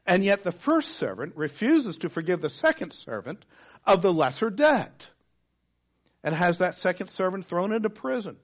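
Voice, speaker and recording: A male pastor preaching a sermon, swinging from loud emphasis down to hushed, near-whispered words. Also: sits high. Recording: dull lo-fi sound.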